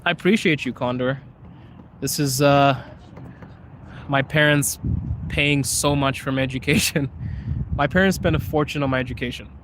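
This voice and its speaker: A man's voice: medium pitch, normal speed, long pauses, fairly bright tone, slight background noise. A young man hosting a casual live chat outdoors on a city street, talking in an emphatic, earnest way. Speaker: livestream host.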